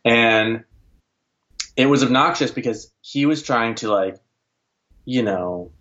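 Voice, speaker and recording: A podcast co-host sharing film trivia in casual chat, relaxed, with many fillers. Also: mid-range voice, slow pace, muffled recording.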